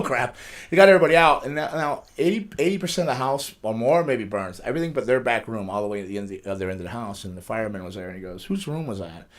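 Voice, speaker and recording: Fast-talking middle-aged man telling stories. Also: lowish voice. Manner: fast, rambling storytelling with frequent restarts and laughs. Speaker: guest, pro wrestler. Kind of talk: casual storytelling interview. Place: studio.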